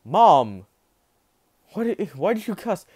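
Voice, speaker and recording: A man voicing a sweet young girl who is easily shocked, asking high, startled questions. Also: very animated, slow pace, a little mellow, full character voice.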